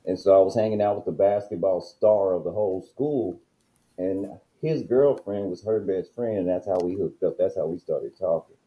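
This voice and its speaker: A man's voice: low voice, normal speed, dull audio. A man talking directly about his own past in a casual livestream chat, using himself as the example. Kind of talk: casual personal storytelling. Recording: echoey room.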